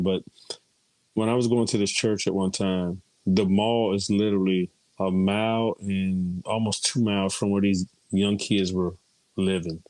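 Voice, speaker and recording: A man's voice: lowish voice, a little mellow, no room sound. A middle-aged man chatting casually in a group, telling stories and quoting people. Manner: chatty storyteller, quotes others often.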